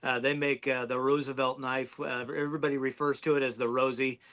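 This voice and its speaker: A man's voice: medium pitch, level tone, fairly quick, a bit bright. A man who reviews knives, a guest on a podcast, chatting casually and often restarting his sentences. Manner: rambling, restarts mid-sentence.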